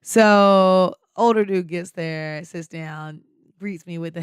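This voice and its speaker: A woman hosting a podcast, telling a personal story in an animated, slangy way and laughing often. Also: fairly low pitch, takes it slowly, smooth, dry recording, clean studio sound. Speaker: podcast host. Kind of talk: casual storytelling.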